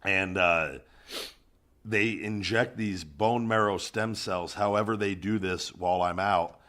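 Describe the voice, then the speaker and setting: A man's voice: deep voice, measured pace, fairly bright tone. A man co-hosting a podcast, chatting and joking in casual banter. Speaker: podcast co-host. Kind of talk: casual chat.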